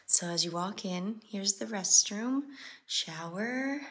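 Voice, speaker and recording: A bubbly young travel vlogger narrates casually, using "like" a lot. Her mid-range, slightly bright voice has lively intonation and a slow pace, with no room sound, though the outdoor setting brings clear background noise.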